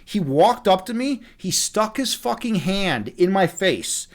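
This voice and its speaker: Excitable, foul-mouthed man hosting a stream. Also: sits high, unhurried. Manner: excitable, swears often, repeats himself. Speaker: livestream host. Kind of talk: casual livestream chat.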